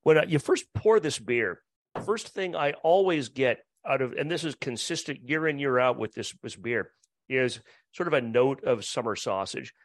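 A man's voice: mid-range voice, lively intonation, normal speed, dry recording. A man co-hosting a casual beer-tasting podcast, wry and facetious, often restarting his sentences. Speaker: podcast co-host.

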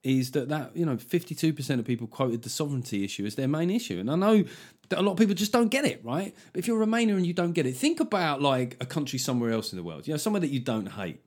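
A man's voice: on the high side, fast. Sarcastic man ranting solo. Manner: sarcastic, swearing, animated impressions. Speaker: podcast host. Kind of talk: solo comedic political rant.

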